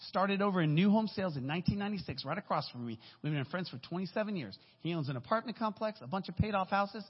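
A man's voice: sits high, expressive, fast talker, slightly rough. A man in his fifties giving a casual, story-filled sermon as a guest speaker. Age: 50s. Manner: casual, storytelling, folksy asides. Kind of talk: conversational sermon. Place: church sanctuary. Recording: echoey hall, dull lo-fi sound.

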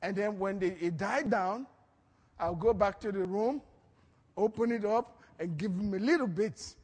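A man preaching a sermon, telling stories with lively acted-out quotes and frequent laughter. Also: high voice, measured pace, breathy edge, long reverb tail. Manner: animated storytelling, acts out quotes, laughs often. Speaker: pastor.

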